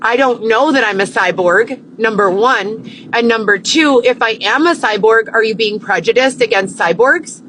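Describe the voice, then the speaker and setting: A woman's voice: on the high side, normal speed, a bit bright, slight background noise, rough recording. A woman on a phone livestream, ranting to viewers in an agitated way, swearing often and firing off rhetorical questions. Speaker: livestream host. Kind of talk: unscripted rant to viewers.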